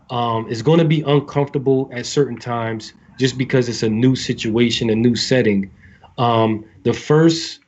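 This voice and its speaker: Rambling sailor giving recruits advice. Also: male voice, mid-range voice, a little mellow, muffled recording. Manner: rambling, full of fillers and restarts. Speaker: navy sailor speaking to recruits. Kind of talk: casual advice talk.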